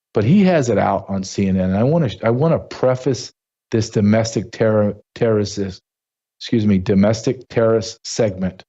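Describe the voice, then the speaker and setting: A man's voice: fairly low pitch, warm tone, husky, dull audio. Indignant man hosting political commentary. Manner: indignant, emphatic, rhetorical questions. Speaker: show host.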